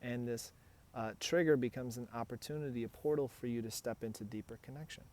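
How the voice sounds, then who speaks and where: A man's voice: medium pitch, fairly quick, a little mellow. A man with a mid-range voice talks straight to the listener as a relationship coach. His delivery is earnest and encouraging, and he often acts out short example conversations. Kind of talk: direct advice talk.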